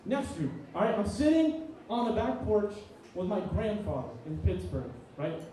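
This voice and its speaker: A man's voice: on the high side, animated, a little fast, dark tone, a little hiss or hum. A young man in his twenties doing a rambling, profane stand-up set in a small comedy venue. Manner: rambling, profane, self-deprecating storytelling. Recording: very echoey room, distant mic.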